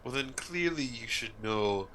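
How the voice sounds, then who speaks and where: A man playing a tabletop game, questioning slowly and deliberately. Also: medium pitch, lively intonation, sharp tone, slight background noise, low-quality recording. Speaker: player. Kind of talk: casual tabletop play.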